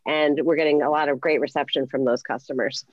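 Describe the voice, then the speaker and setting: A woman guest on a podcast, a healthcare solutions specialist, explaining her work in a measured way. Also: deep voice, fairly even intonation, no echo, highs cut off, soft background music. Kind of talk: conversational interview.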